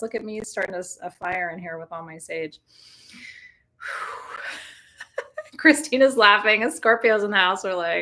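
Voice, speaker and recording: A woman leads a live full moon ritual with sage burning indoors. She talks loosely and warmly to her viewers, teasing them and laughing at her own jokes. Her voice sits at an ordinary middle pitch. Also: lively intonation, measured pace, pauses often. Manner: chatty, joking, laughs often, talks to viewers directly. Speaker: spiritual teacher leading a live ritual. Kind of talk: casual live-stream talk.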